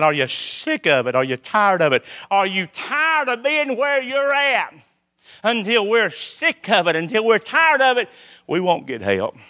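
A man preaching a sermon, swinging between loud calls and hushed lines. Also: high voice.

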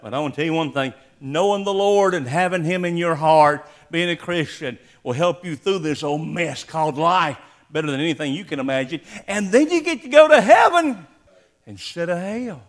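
A male pastor preaching in a church, making an altar call with urgent, repeated questions that swing between hushed and loud. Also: on the high side. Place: church sanctuary.

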